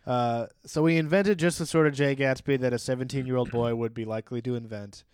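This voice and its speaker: A man's voice: medium pitch, fairly even intonation, a little fast, a little mellow, smooth, no echo, clean studio sound. A man casually talking through a novel with a friend, reading excerpts and laughing often. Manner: loose and playful, reads excerpts, laughs often. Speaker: podcast co-host discussing a novel. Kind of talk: casual book-club chat.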